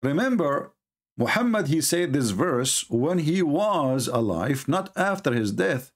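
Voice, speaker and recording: Scornful man with a higher voice. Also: sing-song, measured pace. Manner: scornful, mocking, emphatic; non-native English grammar. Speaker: livestream host. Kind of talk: mocking religious debate talk.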